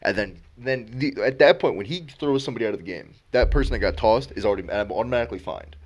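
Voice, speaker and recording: Animated young man telling sports stories. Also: fast talker. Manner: animated storyteller, acts out quotes with big pitch jumps. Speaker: podcast co-host. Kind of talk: casual chat among friends.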